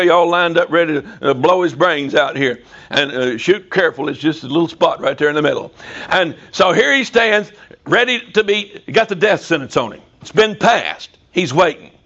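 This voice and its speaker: Captured on dull-sounding audio, a preacher with a slightly high voice and sharp tone addresses his congregation in church. His sermon mixes folksy storytelling with occasional sudden, emphatic rises.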